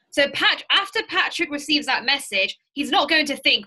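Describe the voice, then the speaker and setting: A woman with a high, bright, forceful voice runs a sales training for a group. She talks in an animated, direct way and teaches through stories. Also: moderate pace, few pauses. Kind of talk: lively training talk to a group.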